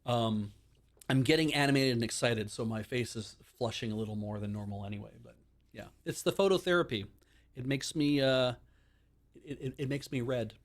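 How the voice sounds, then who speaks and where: In a mid-range voice, a stream host talks in a loose, animated, meandering way. Now and then he performs bits of dialogue using rapid character voices.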